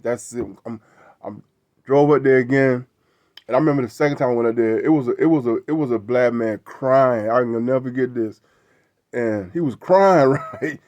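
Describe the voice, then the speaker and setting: A man's voice: medium pitch, a little mellow, no echo. A middle-aged man hosting a show, telling a casual story in a rambling way, repeating words and tagging lines with "right?". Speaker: show host.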